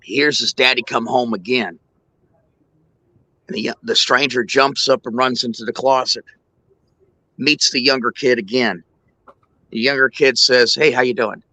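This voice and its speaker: A man hosting a show, telling a long joke in a rambling, halting way. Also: medium pitch, fairly even intonation, bright, forceful tone, dry recording, rough recording. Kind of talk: joke telling, casual chat.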